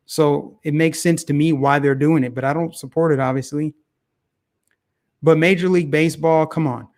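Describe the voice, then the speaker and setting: Opinionated man ranting on politics. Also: fairly high pitch. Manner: opinionated, animated, repeats phrases for emphasis. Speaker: political commentary host. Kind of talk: casual talk monologue.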